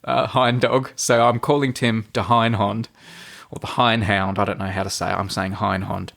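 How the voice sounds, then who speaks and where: Brief: male podcast co-host, mid pitch, chatty, laughs a lot while reading letters aloud. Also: normal speed, creaky, fairly bright tone. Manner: laughs often while reading listener messages. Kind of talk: casual chat.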